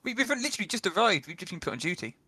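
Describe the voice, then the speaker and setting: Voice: mid-range voice, very animated, very fast, bright, forceful tone, breathy edge. A player in a tabletop game, playful and giggly, stumbling over words now and then. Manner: playful, giggly, stammers a bit. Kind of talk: casual tabletop play.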